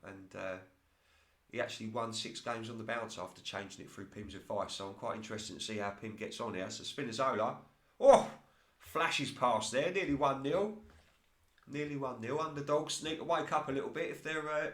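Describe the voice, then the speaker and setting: A man talks through a football management game in casual play-by-play, rising quickly at chances and laughing at his own slips. His voice sits in the middle range. The room gives his voice a noticeable echo. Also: medium pitch, fairly even intonation, fairly bright tone. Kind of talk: casual solo game commentary.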